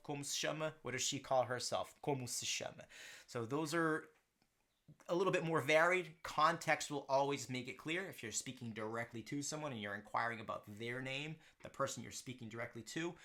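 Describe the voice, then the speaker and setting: A man's voice: medium pitch, sharp tone. A man teaching a language lesson, explaining grammar and often checking in with "right?" and "okay". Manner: slows down to model pronunciation.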